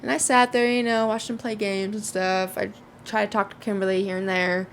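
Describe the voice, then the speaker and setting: Chatty young woman with a gravelly edge. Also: medium pitch, level tone, brisk, slight background noise. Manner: chatty, swearing freely, lots of fillers. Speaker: vlogger. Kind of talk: casual storytime.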